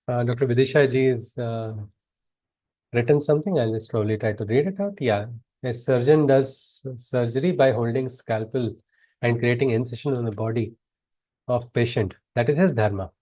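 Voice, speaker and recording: A man's voice: mid-range voice, muffled recording. A man chanting scripture verses and explaining them in an earnest teaching discourse over a video call. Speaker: spiritual teacher.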